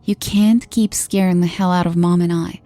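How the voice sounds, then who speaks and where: A woman's voice: lowish voice, steady tone, normal speed, faint music behind, lightly acted. A woman voicing a tearful grown daughter. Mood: gently pleading. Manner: pleading, soft and tearful. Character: grieving grown daughter, tearful but gentle.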